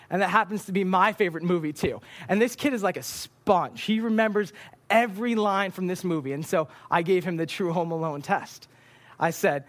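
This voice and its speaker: A young man speaking as a youth pastor, preaching to a church group in a chatty storytelling way with animated quoted dialogue. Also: high voice. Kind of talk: youth sermon with a personal story. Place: church service.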